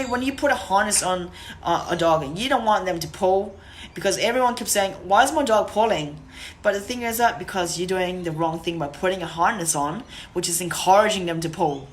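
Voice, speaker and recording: A woman's voice: mid-range voice, slight background noise. A woman instructor giving a casual teaching monologue, rambling with many fillers and restarts, and now and then showing off firm and cheerful tones of voice.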